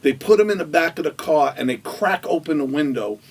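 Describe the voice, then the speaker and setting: A man's voice: fairly high pitch, lively intonation, fairly quick, slightly rough, far from the mic. A man animatedly telling a wild anecdote as a guest, acting out the quoted voices and laughing as he goes. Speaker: storytelling guest.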